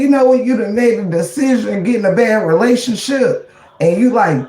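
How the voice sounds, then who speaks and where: A woman's voice: medium pitch, moderate pace, mellow, echoey room. A woman hosting a casual livestream, slangy and preachy, often exclaiming "child" and "Lord". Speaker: livestream host.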